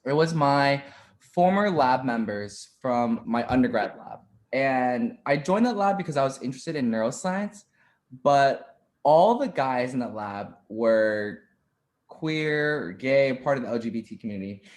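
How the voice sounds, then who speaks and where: A young man in his twenties, a podcast guest in casual interview chat, telling stories in an animated way and laughing easily. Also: medium pitch. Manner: animated storyteller, quick to laugh.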